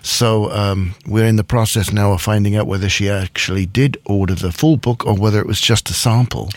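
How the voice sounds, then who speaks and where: A man's voice: lowish voice, steady tone, fairly quick, dry recording. Rambling male radio co-host, dry studio. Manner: rambling, self-correcting, chuckling. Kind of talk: casual radio chat.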